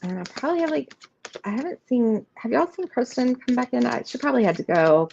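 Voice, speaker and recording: A woman's voice: a little high, big pitch swings, fairly quick, vocal fry, darkish tone. A woman hosting a live tarot reading, chatting casually and rambling through the cards with many fillers, reassuring the viewers. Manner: reassuring, speaks straight to viewers. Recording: slightly muffled stream audio with faint noise.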